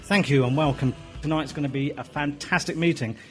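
A man's voice: fairly high pitch, a little fast, fairly bright tone, faint music behind. An enthusiastic, jokey man hosting a society meeting, introducing the guest speaker to a live audience in a hotel function room. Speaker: event host introducing the speaker.

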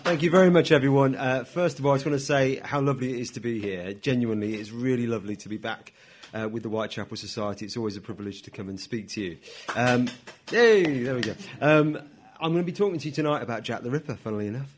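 A man's voice: medium pitch, quick pace, a little hiss or hum. A man giving a chatty, self-deprecating talk as guest speaker to a live audience in a hotel function room, with frequent ums and asides.

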